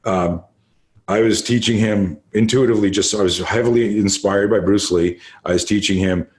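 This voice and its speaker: Emphatic low-voiced man in his late 50s. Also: moderate pace. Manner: animated, emphatic storyteller who swears freely. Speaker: martial arts instructor, podcast guest. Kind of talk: casual storytelling interview.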